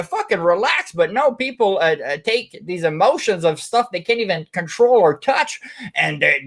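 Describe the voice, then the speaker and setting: A man hosting a podcast who jumps into the conversation with an emphatic, swearing pep-talk manner. His voice sits a bit higher than most men's. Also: a bit bright. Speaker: podcast host. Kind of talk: casual interview talk.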